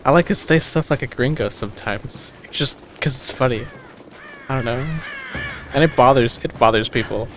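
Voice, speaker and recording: An American man streams a game and chats casually, his mid-range voice a bit bright at a normal speed. He often restarts sentences, swears freely and laughs easily, with slight background noise behind him.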